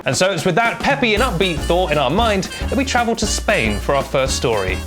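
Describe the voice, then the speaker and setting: A man's voice: high voice, very animated, brisk, music in the background. A young man hosting a comedic online news show, delivering stories with sarcastic, jokey asides. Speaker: host.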